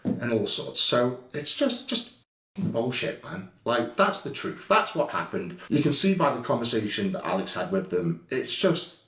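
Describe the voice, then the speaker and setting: A blunt, heated middle-aged man tells his story in a casual, indignant way. His voice sits at an ordinary pitch. It carries a roomy echo, and he sounds a little back from the mic. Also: big pitch swings, a little slow, a bit bright, recorded from a distance. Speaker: vlogger recounting an incident. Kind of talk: casual first-person account over CCTV footage.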